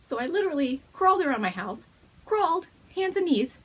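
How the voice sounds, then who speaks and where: A woman's voice: sits high, very animated, a little fast, a bit bright. A woman hosting a knitting podcast, chatting casually at home to the camera, bubbly and gushing, laughing often.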